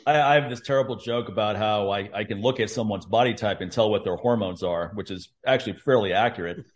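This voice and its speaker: A man's voice: on the low side, quick pace. A man co-hosting a podcast, talking in an easygoing, chatty way. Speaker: podcast co-host. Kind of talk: casual chat.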